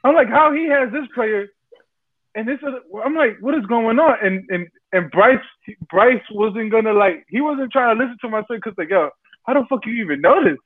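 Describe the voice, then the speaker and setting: Male podcast panelist, excitable storyteller, high voice, dull lo-fi recording. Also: normal speed. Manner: excitable, acts out the voices in his stories. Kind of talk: animated storytelling.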